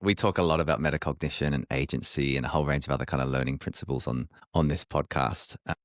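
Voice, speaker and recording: A man hosting a podcast, chatting with guests in an enthusiastic, animated way. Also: extremely low pitch, fast talker, no echo, clean studio sound. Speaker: podcast host. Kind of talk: casual interview chat.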